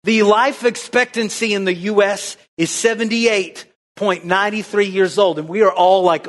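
A man preaching a lively sermon to his congregation, asking them rhetorical questions. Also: high voice, measured pace, slight background noise. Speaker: pastor. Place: church.

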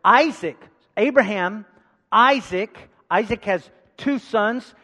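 A man preaching a sermon, calling out to the congregation for responses and swinging between loud emphasis and hushed asides. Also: high voice, takes it slowly. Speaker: pastor. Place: large church hall. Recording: long hall reverb.

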